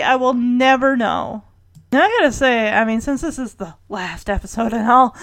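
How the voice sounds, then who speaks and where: Middle-aged woman recapping a show, bit higher voice, wry jokey asides, dry close mic. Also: vocal fry, a bit bright, no echo. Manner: chatty, wry asides, laughs while retelling. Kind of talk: casual episode recap.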